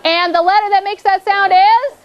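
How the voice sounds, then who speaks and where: A woman's voice: extremely high pitch, steady tone, moderate pace, dull audio, background noise. A woman teaching a fourth grade phonics lesson in a classroom, drawing out her prompts and repeating cues as the class thinks.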